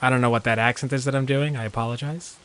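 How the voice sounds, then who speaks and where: A man's voice: medium pitch, fairly even intonation, fast, fairly bright tone. A man streaming a video game and chatting casually, rambling through thoughts with lots of filler words and reacting jumpily to surprises. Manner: rambling, heavy use of "like" fillers. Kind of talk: casual gameplay commentary.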